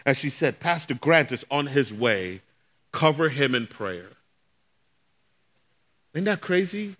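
A man's voice: medium pitch, very animated, slow pace, a bit bright. A middle-aged man, a pastor, telling a personal testimony as a sermon, acting out the voices of the people in his story. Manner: storytelling, acts out quoted voices.

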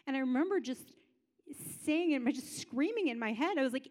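A woman with a somewhat high voice shares a personal story from the front of a church. She talks casually, like chatting with friends. She slips into the voices of the people in the story as she goes. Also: lively intonation, moderate pace, darkish tone, in a large hall. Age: adult parent. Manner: conversational storytelling that acts out other people's lines. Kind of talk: personal story within a sermon.

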